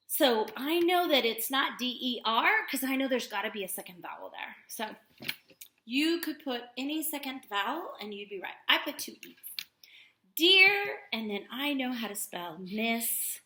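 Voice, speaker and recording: A woman teaching young children to write a letter, talking slowly and stretching out sounds. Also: sits high, sing-song, bright, forceful tone, echoey room. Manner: slow, sing-song teacher voice that stretches out sounds. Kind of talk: remote writing lesson for young children.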